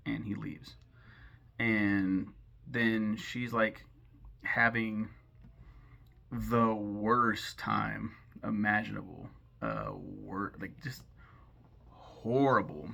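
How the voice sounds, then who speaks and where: A man's voice: lowish voice, steady tone, extremely slow, vocal fry, pauses often, sharp tone. A man giving a casual, rambling film recap, sarcastic and swearing freely as he goes. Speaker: film commentary host.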